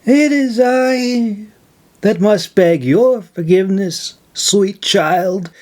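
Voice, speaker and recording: Sly old crone, slow and high-pitched, storybook reading voiced by a man. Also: darkish tone. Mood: darkly calm. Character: old woman, sly and menacing, mother-in-law.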